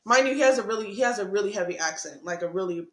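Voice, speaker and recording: A young woman telling a story in casual podcast chat, animated, laughing often and acting out what people said. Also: mid-range voice, rapid-fire, roomy sound. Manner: animated, laughing, swearing, acts out quotes. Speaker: podcast co-host.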